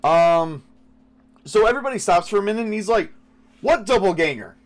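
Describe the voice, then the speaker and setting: A man's voice: sits high, brisk. A man running a tabletop game as game master, thinking aloud with many fillers and restarts.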